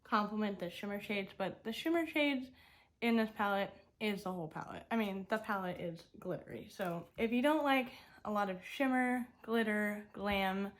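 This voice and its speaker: A woman's voice: mid-range voice, normal speed. A young woman vlogger chatting casually as she swatches eyeshadow and talks through each makeup step. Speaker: beauty vlogger. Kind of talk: casual makeup tutorial talk.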